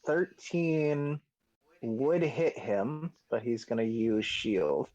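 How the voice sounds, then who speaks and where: Male game master narrating a home tabletop session, halting and full of fillers. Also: mid-range voice, lively intonation, darkish tone, dry recording, dull audio. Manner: hesitant, many fillers and restarts.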